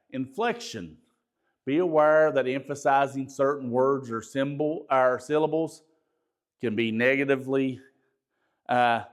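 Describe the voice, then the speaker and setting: A pastor giving a conversational training talk, folksy, repeating words and asking the audience questions. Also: male voice, mid-range voice.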